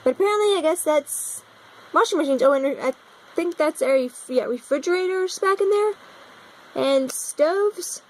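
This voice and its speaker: A young American woman with a high-pitched voice and lively intonation talks at a moderate pace in a casual vlog, puzzling aloud over a map she's browsing on her computer. She records with a phone propped against her laptop, and the quality is low.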